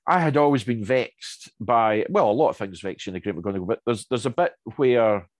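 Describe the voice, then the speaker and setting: A man chatting casually and telling anecdotes, lively, with many restarts and asides. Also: mid-range voice, a little fast, no echo. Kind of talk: casual chat.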